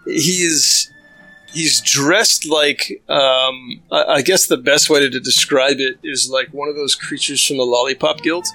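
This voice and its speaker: A man's voice: medium pitch, steady tone, unhurried, sharp tone, faint music behind, rough recording. A man narrating a tabletop game as game master, describing scenes loosely with many fillers.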